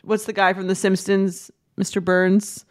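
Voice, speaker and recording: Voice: medium pitch, flat delivery, unhurried. Wry joking podcast co-host. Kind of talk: casual chat.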